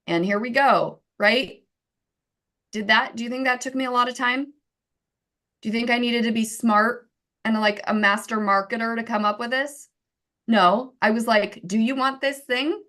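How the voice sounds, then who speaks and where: A software co-founder in her thirties gives casual marketing advice in a somewhat high voice at a moderate pace. She's lively and chatty, keeps checking in with "right?", and often slips into little acted-out quotes.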